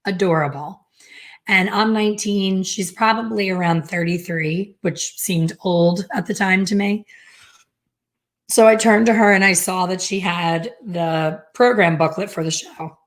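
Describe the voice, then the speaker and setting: A middle-aged woman telling a personal story as a hair color educator, lively and acting out the dialogue she quotes. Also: medium pitch, measured pace.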